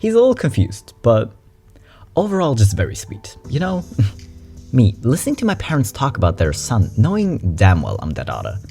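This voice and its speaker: A young adult nonbinary vlogger reacting to memes in a chatty, frank, animated way, swearing casually. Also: mid-range voice, moderate pace, vocal fry, faint music behind. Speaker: meme reaction host. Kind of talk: casual meme commentary.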